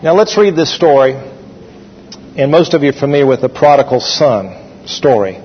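A man's voice: mid-range voice, expressive, normal speed, slight background noise. A man preaching a sermon in a folksy storytelling manner with fillers. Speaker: pastor. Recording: echoey hall, dull sound.

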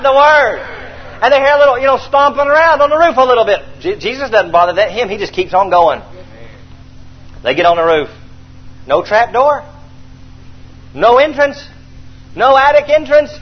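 Animated preacher man telling a story. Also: high-pitched, normal speed, dull audio, a little hiss or hum. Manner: animated storytelling, acting out scenes, calls for response. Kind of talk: sermon.

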